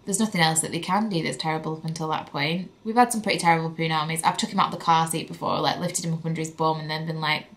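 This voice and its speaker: A woman's voice: sits low, fairly even intonation, fast talker, few pauses, fairly bright tone. A young woman, chatting candidly to camera as a vlogging mother, with lots of "like" fillers. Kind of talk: casual chat to camera.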